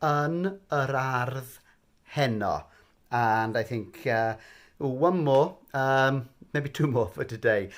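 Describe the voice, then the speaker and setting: A man giving a patient, gently coaxing bedtime language lesson. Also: medium pitch, slow. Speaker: language teacher.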